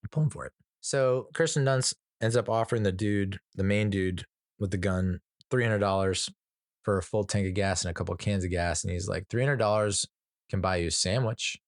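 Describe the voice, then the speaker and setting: A man's voice: deep voice, steady tone, a little fast, no room sound, studio quality. A man hosting a podcast, casually reviewing a film in a rambling, profane way with many fillers and restarts and chuckling at his own jokes. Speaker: movie reviewer, podcast host. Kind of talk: casual movie review chat.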